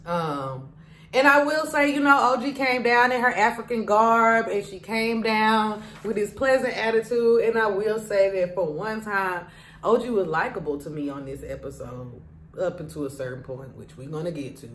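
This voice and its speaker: A woman's voice: mid-range voice, normal speed. Chatty woman recapping a show, echoey room. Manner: chatty, gossipy, animated retelling. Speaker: TV recap vlogger. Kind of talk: casual reality-show recap. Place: home room.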